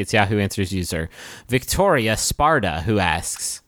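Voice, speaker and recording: A man co-hosting a comedy podcast, rambling through a story in a casual, animated way. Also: lowish voice, normal speed, no echo, clean studio sound. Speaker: podcast co-host. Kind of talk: comedic casual chat and reading aloud.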